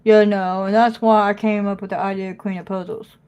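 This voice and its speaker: A woman's voice: mid-range voice, level tone, brisk, darkish tone, clean tone, muffled recording. A woman chatting casually on a phone livestream at home, talking to viewers and scolding her dog in between. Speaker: puzzle live streamer.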